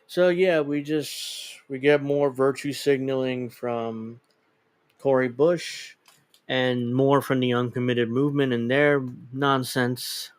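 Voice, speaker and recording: A man's voice: mid-range voice, fairly even intonation, slow, smooth, no echo. A man hosting a casual political commentary show, talking bluntly and dismissively and swearing freely. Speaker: host.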